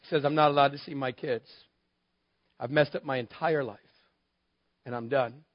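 A man's voice: medium pitch, moderate pace, no room sound. Candid, wry male pastor telling a story. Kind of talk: sermon storytelling. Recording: dull, lo-fi dry sound.

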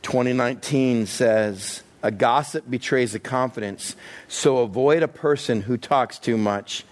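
A man preaching a sermon, joking and acting out quick bits of everyday talk. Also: medium pitch. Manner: animated, joking, acts out little voices. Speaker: pastor.

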